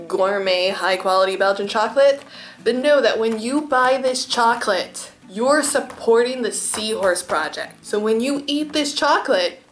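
Gushing young woman food vlogger. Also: on the high side. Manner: gushing, enthusiastic, drops to soft murmurs while eating. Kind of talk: chatty food tasting vlog.

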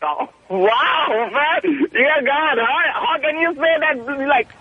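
Guy calling in on a tinny phone, high pitched, keeps stopping and restarting, defensive. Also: no echo. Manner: defensive, halting, many restarts. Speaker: caller. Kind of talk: call-in radio talk.

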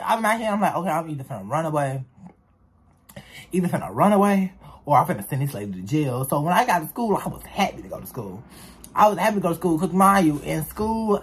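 A young man tells his own story to camera with a husky edge to his voice. His delivery is animated, and he moves between loud outbursts and quiet asides as he goes. It is a casual storytime vlog. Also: high voice. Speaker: storyteller vlogger.

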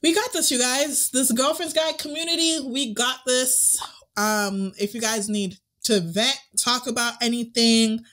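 A woman's voice: fairly high pitch, fairly even intonation, a little slow, a bit bright. A woman co-hosting a podcast in casual chat, with an encouraging, affirming way of talking to listeners. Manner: affirming, encouraging, frequent backchannel. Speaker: podcast co-host.

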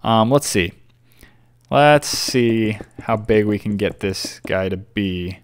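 A man's voice: lowish voice, slow, clear, resonant tone. A young man chatting casually while building in Minecraft, rambling and often stumbling over his words. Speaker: gaming YouTuber.

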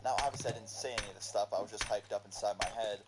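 A man's voice: on the low side, fairly even intonation, very fast. Profane man telling a story, noisy recording. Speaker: gaming video host. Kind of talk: casual storytelling over gameplay. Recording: loud background noise.

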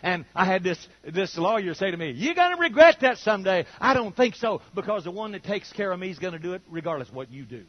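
Delivering a sermon, this older man speaks in a high voice, quickly and with few pauses. He brings his stories to life by performing the voices of their characters. There's no room sound, and the lo-fi recording comes across dull.

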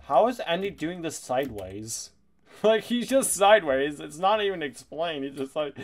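A man giving casual, excitable commentary over a video game, laughing and swearing often. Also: on the high side, normal speed. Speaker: gaming YouTuber.

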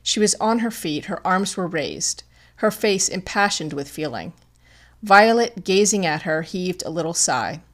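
A woman reads a classic detective story aloud as an audiobook narrator. Her pitch sits a little low, and her delivery is measured and expressive.

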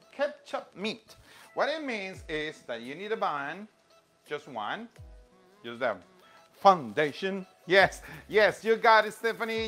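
Upbeat music teacher guy, talks slow, voice jumps all over, bit of music behind. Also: fairly high pitch, a bit bright. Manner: enthusiastic, encouraging, chanting rhythm words. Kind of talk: live online music lesson while cooking. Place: home kitchen.

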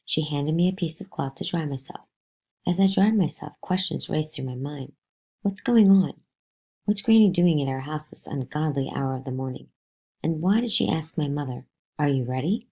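A woman reading a novel aloud to a class, lively, with pitch jumps on the spoken lines. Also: moderate pace, slightly rough.

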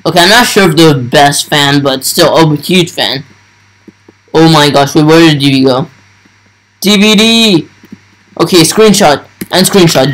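A young man giving excited, starstruck commentary over his gameplay, full of breathless exclamations. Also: on the high side, low-quality recording. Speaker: gaming YouTuber.

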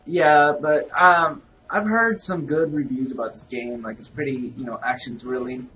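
A young man giving casual, excitable, profane let's-play commentary, shouting reactions at a game. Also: mid-range voice, normal speed, a little hiss or hum, poor audio. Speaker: gaming video host.

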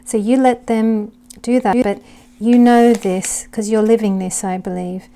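A woman doing a tarot reading to camera, talking gently and reassuringly, thinking aloud with halting restarts and sometimes dropping to a soft whisper. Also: mid-range voice, fairly even intonation. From United Kingdom. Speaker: tarot reader.

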